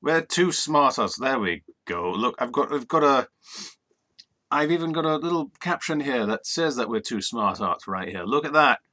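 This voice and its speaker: A man's voice: medium pitch, expressive, normal speed, bright, forceful tone. A man co-hosting a casual live-streamed talk show, joking around playfully and trailing off into fillers. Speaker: co-host.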